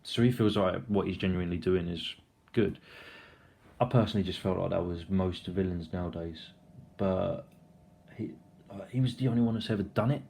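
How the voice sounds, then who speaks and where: A man's voice: deep voice, moderate pace, vocal fry, dark tone, slight background noise. A young man casually recapping a film, rambling, swearing freely and acting out the scenes. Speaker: film reviewer.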